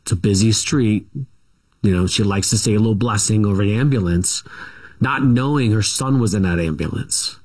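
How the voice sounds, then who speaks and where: Picture a middle-aged man with a fairly low voice, talking through his childhood in a loose, meandering way. He keeps stopping to restart his sentences and fills the gaps with "um" and "you know." This is a guest's relaxed interview storytelling. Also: moderate pace. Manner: rambling, many fillers and restarts. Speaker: guest author.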